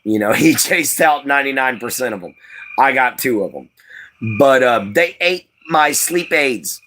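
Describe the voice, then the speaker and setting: A man's voice: mid-range voice, lively intonation, normal speed, pushed and bright, slight background noise. A tired man from Louisiana with a light Cajun accent, chatting casually and folksily as a live-stream host, rambling with lots of fillers. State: tired from lack of sleep.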